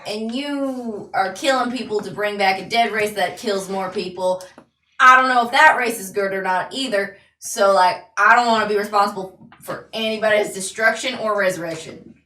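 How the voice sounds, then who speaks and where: Bright woman player, roomy and distant. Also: medium pitch, moderate pace. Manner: chatty, uncertain, trailing off. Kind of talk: casual tabletop chat. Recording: roomy sound from away from the mic.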